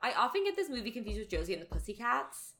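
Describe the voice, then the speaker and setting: A woman's voice: on the high side, sing-song, fast talker, a bit bright. A woman co-hosting a podcast, chatting casually about a movie with frequent filler words. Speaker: podcast co-host. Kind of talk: casual chat.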